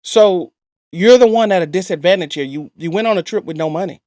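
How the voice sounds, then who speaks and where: A man's voice: high voice, a little fast, a little mellow, no echo. A man giving blunt, lecturing commentary and advice in reaction to a clip.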